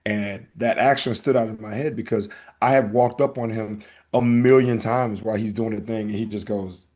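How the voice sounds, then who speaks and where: A man hosting a casual podcast, telling a story in an animated way and acting out the back-and-forth. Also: fairly low pitch, normal speed. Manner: animated storytelling, acts out exchanges. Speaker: podcast host.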